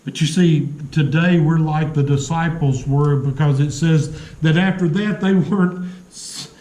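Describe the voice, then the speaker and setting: A man preaching a sermon in a church, telling stories earnestly with dramatic pauses. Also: fairly high pitch, fairly even intonation, warm tone, echoey room, poor audio. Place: church sanctuary.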